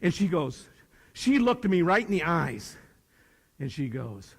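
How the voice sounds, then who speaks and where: An older man giving a live motivational talk to young people, animated and swinging between loud bursts and hushed asides. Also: fairly high pitch, measured pace, husky. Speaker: motivational speaker. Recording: reverberant hall.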